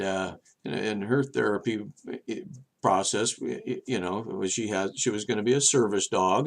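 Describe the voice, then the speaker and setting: An older man hosting his own video show, telling rambling personal stories in a chatty, meandering way with many restarts, and getting animated when he quotes other people. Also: on the low side, gravelly. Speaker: vlog host.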